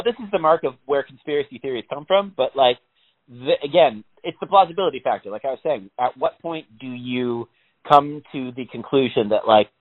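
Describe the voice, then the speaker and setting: A man's voice: mid-range voice, dry recording. Man, casual chat, rambling, swearing, tinny narrow-band audio. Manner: rambling, swears a lot, laughs often.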